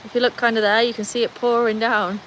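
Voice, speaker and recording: A British woman hosts a casual livestream from a covered, tin-roofed veranda while it rains, chatting with viewers, reading their comments and coaxing her dogs along. Her slightly high voice moves little in pitch, is a bit bright and quick. The recording is rough, with slight background noise.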